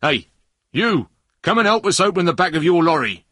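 A man's voice: on the high side, lively intonation, a little slow, sharp tone, slightly rough, dry recording, clean studio sound, voice pushed up, full character voice. A man playing a big, red-faced policeman with a nasty voice, curt and commanding.

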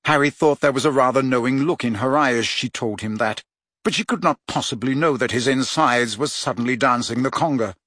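Brief: male audiobook reader, husky, measured, dry booth sound. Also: mid-range voice, a bit bright, no room sound. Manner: measured storytelling. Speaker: audiobook narrator. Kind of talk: scripted narration.

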